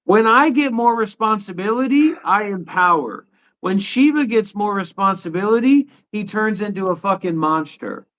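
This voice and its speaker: Stream host, man in his thirties, high and indignant, rants and swears at his co-host. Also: expressive, moderate pace, a bit bright. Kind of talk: heated live stream argument. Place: his apartment.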